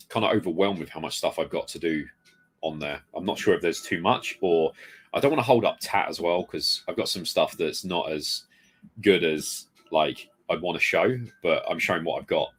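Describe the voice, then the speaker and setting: His voice sits low, slightly rough and a bit bright as this man chats casually on a live stream from home. Surrounded by retro games and speaking into a desk mic moved close, he rambles and reads out viewers' comments to greet them.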